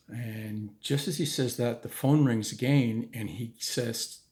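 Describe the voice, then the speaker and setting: A man's voice: mid-range voice, takes it slowly, darkish tone. A man telling a true story in a casual, conversational way, with restarts and asides.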